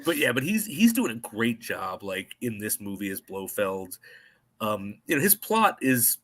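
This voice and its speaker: A man co-hosting a casual movie podcast, animated and swearing freely as he talks through a film. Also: on the low side, measured pace. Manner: animated, swears freely, slips into mock voices. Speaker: podcast co-host.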